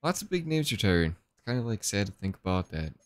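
Young man, very low voice, dry close sound, casual gameplay commentary, laid-back, rambling. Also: sing-song, fast, no room sound. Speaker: gaming channel host.

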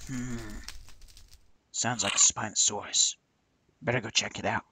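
A man voicing Razor, a bossy young male camp guard who speaks in lower, slower broken English. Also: fairly even intonation, pushed and bright, a little hiss or hum, heavily acted.

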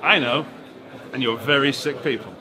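A man's voice: mid-range voice, normal speed, noisy background. A man with a West Country English accent, a host making dry, wry jokes in casual banter. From West Country, England. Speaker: YouTube host. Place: busy indoor guitar trade show. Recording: loud crowd chatter behind.

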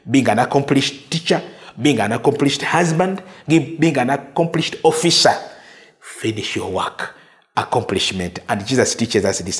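A male preacher delivers a sermon at a measured, emphatic pace. His voice sits at an ordinary middle pitch, and he leans on repetition, pausing to drop softly into quoted lines.

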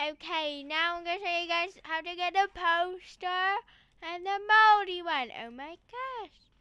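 Woman, gameplay walkthrough, excitable, playfully dramatic, sharp bright tone, dry close sound. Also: extremely high pitch, slow, dry recording. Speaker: gaming channel host.

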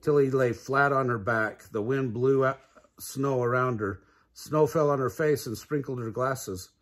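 A man's voice: mid-range voice, a little slow. An older man reading a children's storybook aloud, adding sound effects.

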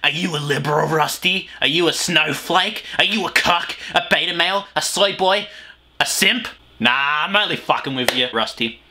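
A man's voice: a little high, moderate pace, sharp tone. A young Australian man giving casual reaction commentary, crude, mocking and rambling. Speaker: reaction video host.

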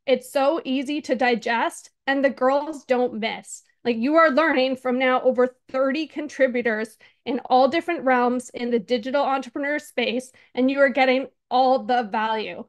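A woman's voice: high voice, normal speed, few pauses. A young-sounding woman on a video call, giving an earnest, emotional testimonial about an online course. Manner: earnest, emotional, close to tears. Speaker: course contributor. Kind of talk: webinar testimonial.

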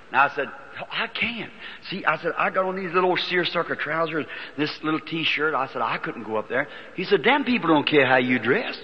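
A husky-voiced man preaches in a folksy storytelling way, his voice sitting high. The old recording sounds dull and muffled, and a long hall reverb trails behind him. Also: normal speed. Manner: folksy storytelling, voices quoted people, builds to excited shouting. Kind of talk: storytelling sermon.

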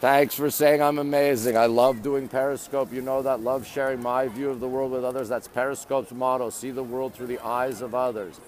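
A Canadian livestreamer on a busy city's monument steps greets people and reads their comments aloud in chatty pieces, streaming from a handheld phone. His medium-pitched, darkish voice stays level, at a moderate pace with few pauses.

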